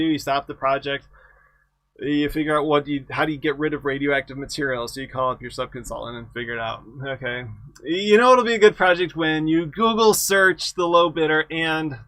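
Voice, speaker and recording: A man's voice: medium pitch, fairly bright tone, dry recording. A middle-aged man lecturing an engineering exam review, conversational and self-correcting, with wry humor about past projects. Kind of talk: lecture with anecdotes.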